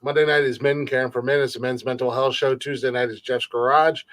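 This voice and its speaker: A man's voice: mid-range voice, little pitch movement, fairly quick, fairly bright tone, no echo. A man hosting a comedy podcast, teasing his co-host crudely and signing off the show. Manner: teasing, crude ribbing with laughs. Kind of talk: casual banter and show sign-off.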